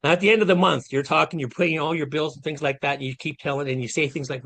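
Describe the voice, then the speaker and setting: Over a video call, a man in his late fifties gives an earnest, conversational motivational talk as a masterclass guest, speaking directly to the audience. His voice is fairly high, expressive and a bit bright, moving a little fast with few pauses.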